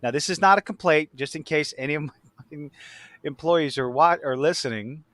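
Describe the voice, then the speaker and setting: A slightly high, fairly bright male voice, brisk in pace and recorded dry. He hosts a casual podcast chat, talking loosely and profanely, restarting often and wandering off on tangents. He's also a work supervisor who takes many calls.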